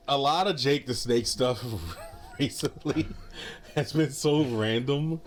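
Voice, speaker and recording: A man's voice: mid-range voice, slow, a little hiss or hum. A man co-hosting a wrestling podcast in casual chat, laughing often and padding with fillers. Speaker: podcast co-host.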